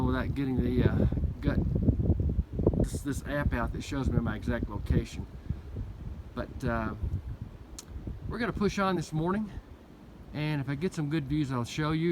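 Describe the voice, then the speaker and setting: A man with a Southern accent talking to his handheld camera on a wooded mountaintop, in a rambling, folksy video diary. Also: mid-range voice. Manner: rambling, folksy, chatty with fillers. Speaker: thru-hiker vlogger. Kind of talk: casual video diary on the trail. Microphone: handheld camera mic. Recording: noisy outdoor camera audio.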